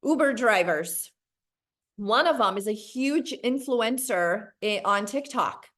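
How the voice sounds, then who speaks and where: Woman trainer, lively and chatty, slightly high-pitched, coaching a team over a video call. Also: slow. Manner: animated, acts out dialogue in a bright high voice. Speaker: guest sales trainer. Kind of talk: motivational sales training talk.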